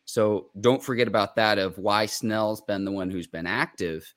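A man with a lowish voice hosts a sports talk show. He reads out viewer questions and hands the floor to his co-host in an easy, casual way. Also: normal speed, a bit bright. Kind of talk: casual chat.

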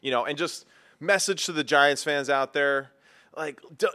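A man's voice: a little high, normal speed, pushed and bright. A young man co-hosting a casual sports talk show, needling his co-host in a teasing way.

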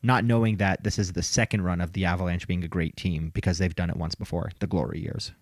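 A man co-hosting a casual sports podcast, chatty and quick to laugh as he rattles off names. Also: deep voice, steady tone, no echo, clean studio sound. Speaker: podcast co-host.

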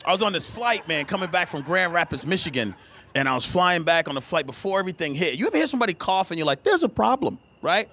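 A man's voice: fairly high pitch, fast talker. A man performing a stand-up set, acting out the voices in his stories, with an audience laughing. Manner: animated, acts out voices. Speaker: stand-up comedian. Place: comedy club stage. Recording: live club recording with audience.

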